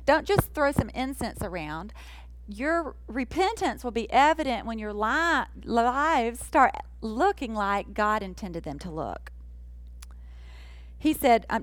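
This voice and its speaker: Woman preacher, earnest and emphatic, slightly high voice, dry close sound. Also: lively intonation, no room sound, rough recording. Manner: earnest, emphatic, slows for key phrases. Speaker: Bible teacher. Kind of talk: sermon.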